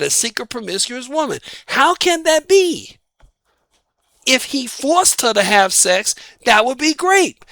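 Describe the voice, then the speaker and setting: A man's voice: bright, forceful tone, no room sound. A man with a Southern US accent hosting a dating advice channel, giving an opinionated monologue full of rhetorical questions that he answers himself. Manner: emphatic, asks rhetorical questions and answers them, punctuates points with "boom".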